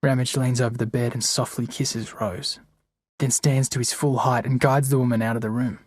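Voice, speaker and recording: A man narrating an audiobook chapter in a steady, measured reading. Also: mid-range voice, slightly rough, no room sound, studio quality. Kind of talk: scripted narration.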